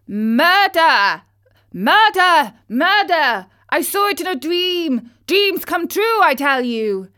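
A woman voicing a proud, excitable male rooster who declaims loudly and insistently. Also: mid-range voice, measured pace, lightly acted. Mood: alarmed.

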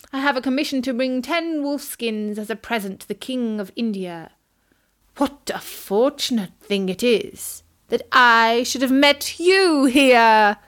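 A woman's voice: fairly high pitch, a bit bright. A woman voicing a clever male hare in a storybook, speaking in a pompous, grand manner.

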